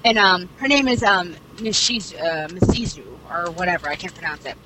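A woman's voice: lowish voice, expressive, brisk. A young woman casually retelling a story with lots of fillers and asides, swearing freely. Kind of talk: casual chat, retelling a series plot. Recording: clear background noise.

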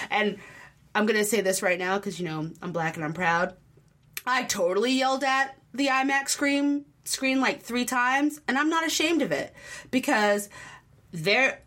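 A woman co-hosting a casual talk show, rambling with lots of fillers and animated asides. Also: on the high side, a little slow. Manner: rambling, filler-heavy, animated, acts out quotes. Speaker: podcast co-host reviewing a film. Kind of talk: casual chat.

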